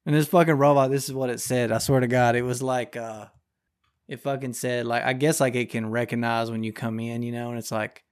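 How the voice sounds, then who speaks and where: A man's voice: medium pitch, level tone, a little fast, smooth. Profane ranting man hosting a podcast. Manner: ranting, heavy swearing, Southern-style slang. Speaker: podcast host. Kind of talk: profane news commentary.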